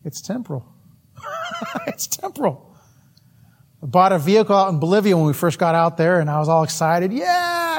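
Animated high-voiced male preacher. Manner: folksy, laughs at himself, animated storytelling. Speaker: missionary preacher. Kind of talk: sermon with personal stories.

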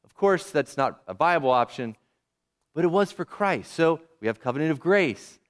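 A man's voice: fairly high pitch, lively intonation, moderate pace. A male pastor preaching a sermon in an emphatic, conversational way, asking his listeners questions as he teaches.

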